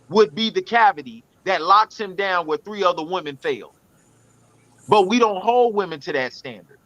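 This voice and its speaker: A man's voice: sits high, pushed and bright, no room sound, dull audio. A man co-hosting a podcast, arguing his point in a blunt, preachy and profane way. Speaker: podcast co-host. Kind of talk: casual podcast debate.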